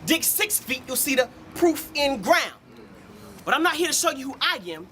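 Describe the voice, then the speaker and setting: A man's voice: very high voice, very animated, normal speed, bright, forceful tone, slight background noise. A man performing Christian battle rap live before an audience, with a rhythmic, preachy, punchline-driven delivery. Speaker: battle rapper.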